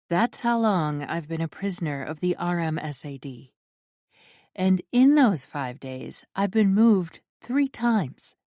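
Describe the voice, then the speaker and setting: A woman narrating an audiobook in the first person, reading in a measured storytelling way. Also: fairly low pitch, darkish tone, dry recording, studio quality. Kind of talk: scripted narration.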